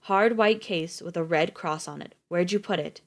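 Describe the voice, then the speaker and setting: A woman voicing a calm, commanding woman medic who gives terse, urgent orders in a lowish voice. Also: normal speed, natural voice.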